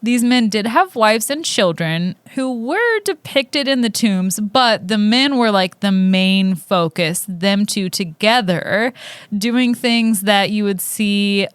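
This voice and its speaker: A woman's voice: mid-range voice, animated, slow pace, clear, resonant tone, no echo. A woman co-hosting a podcast, telling history in a casual comedic chat and laughing often. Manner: giggly, laughs often while telling facts. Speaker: podcast co-host.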